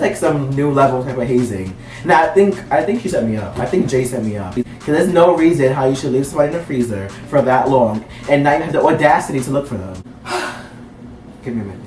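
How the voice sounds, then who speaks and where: A man's voice: a little high, a little mellow, recorded from a distance. Young man telling a rambling story. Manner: rambling, heavy use of "like". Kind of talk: casual storytime. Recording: roomy, off-mic with faint music.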